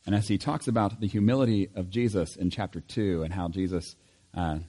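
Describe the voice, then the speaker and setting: A pastor with a fairly low voice reads scripture aloud to his congregation in a church. He speaks in a measured, steady way and rises in force on the stirring passages. The setting is a Sunday service. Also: husky, big-room sound. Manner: measured reading, lifts voice on scripture. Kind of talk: church scripture reading and prayer. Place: church sanctuary.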